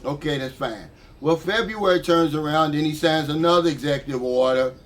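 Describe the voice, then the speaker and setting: A man's voice: a little high, a bit bright. An older man from the United States, talking casually and heatedly to camera as a vlogger. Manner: frustrated, heated, conversational.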